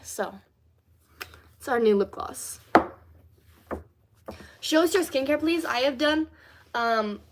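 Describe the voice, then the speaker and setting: A woman's voice: a little high, fairly bright tone. Bubbly teen girl livestreaming. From Louisiana. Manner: chatty, rambling, bubbly with many fillers. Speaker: livestream host. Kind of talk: casual livestream chat reading comments.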